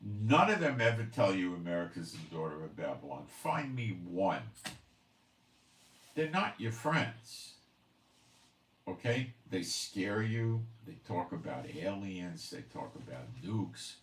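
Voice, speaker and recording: A man's voice: low voice, sing-song, measured pace, hardly any pauses, roomy sound, far from the mic, a little hiss or hum. A man hosting a commentary channel, ranting emphatically with scorn and rhetorical questions. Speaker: host of a prophecy commentary channel.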